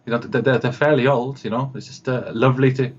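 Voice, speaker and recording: Speaking quickly with a breathy edge, this man has a medium-pitched voice and fairly even intonation, heard through dull audio. He's a radio host and producer chatting as a guest over a video call, rambling through tales, imitating the people in them, and filling his speech with fillers.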